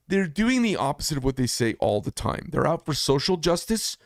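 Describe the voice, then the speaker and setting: A man's voice: a little high, very animated, brisk, few pauses, dry recording, studio quality. A man and business owner giving a blunt, heated casual monologue, telling a story with asides. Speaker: business owner talking to camera.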